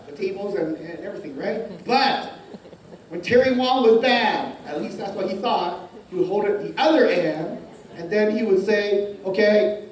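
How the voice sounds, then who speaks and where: Recorded from a distance in a reverberant church hall, with faint ambience and slight background noise, this pastor's voice sits high. His sermon story is lively and acted out, marked by stammering, repeated words, and frequent "okay?" checks.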